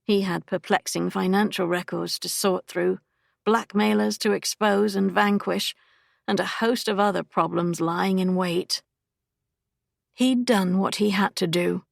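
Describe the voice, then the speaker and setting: Gravelly woman reading an audiobook. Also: medium pitch, fairly even intonation, unhurried, no room sound, studio quality. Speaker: audiobook narrator. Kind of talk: scripted narration.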